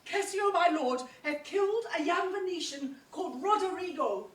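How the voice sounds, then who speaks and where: An actress playing a loyal, horrified maid in amateur stage acting, crying out in grief and accusation. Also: female voice, extremely high pitch, animated, normal speed. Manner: cries out, sobbing and accusing. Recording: roomy echo from far off.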